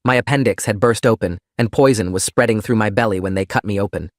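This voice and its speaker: Male storytime narrator, low pitch, even delivery, dead-dry booth sound. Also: fast, dry recording. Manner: steady, plain reading. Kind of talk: first-person storytime narration.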